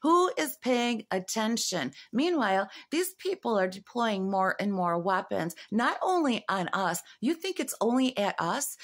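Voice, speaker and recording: A woman's voice: medium pitch, big pitch swings. Agitated, rambling woman in her fifties. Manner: agitated, rising into urgent questions; halting, many fillers and restarts. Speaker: vlogger. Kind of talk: rambling monologue to camera.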